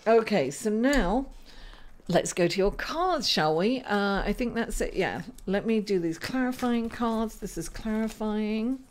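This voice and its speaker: Astrologer, woman, casual and halting, slow pace, fond of saying darling. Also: mid-range voice, expressive, a little hiss or hum. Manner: unhurried, halting with many fillers, calls listeners darling. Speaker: astrologer doing tarot readings. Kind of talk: casual horoscope reading.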